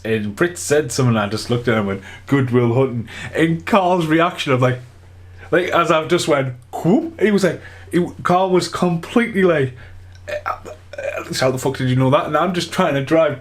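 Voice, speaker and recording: A man rambling through casual vlog outtakes at home, telling stories in an excitable way with some swearing. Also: medium pitch. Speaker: vlogger. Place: home, partly in the attic.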